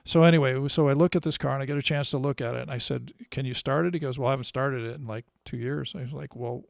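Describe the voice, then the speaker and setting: Casting: man, gravelly, rambling anecdote, dry close sound. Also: mid-range voice, fairly even intonation, fast talker, no echo. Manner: rambling storyteller, many fillers and restarts. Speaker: co-host telling car stories. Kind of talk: casual storytelling chat.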